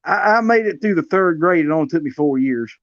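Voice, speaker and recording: A man's voice: fairly high pitch, lively intonation, brisk, dry recording, highs cut off. A man hosting a casual interview, trading dry playful banter with his guest. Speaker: host.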